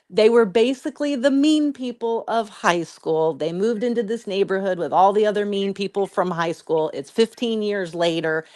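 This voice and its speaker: Casual storytelling from a female podcast co-host: she retells online drama in a chatty way, with profanity and lots of "like." Her pitch is medium, and the studio-quality recording has no room sound.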